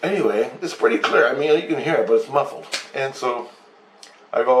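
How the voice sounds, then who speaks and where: A man's voice: lowish voice, moderate pace. Man telling a rambling, profane story. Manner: rambling, profane, animated retelling with acted-out quotes. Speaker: channel host. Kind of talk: casual storytelling. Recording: echoey room with faint noise.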